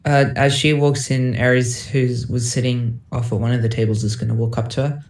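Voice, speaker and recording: A man playing a tabletop game, speaking in a soft, hesitant, apologetic way. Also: medium pitch, level tone, normal speed, echoey room. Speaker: player. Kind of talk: tabletop role-play, in character.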